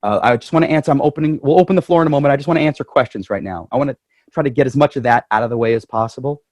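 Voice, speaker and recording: Man, club president, casual address, chatty, joking, dry, mid pitch. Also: very fast, a little mellow, no room sound.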